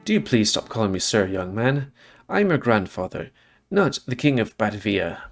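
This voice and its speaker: A man voicing a kindly elderly grandfather who paints, speaking in a formal, genteel, unhurried way. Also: mid-range voice, sing-song, soft background music. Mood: fond.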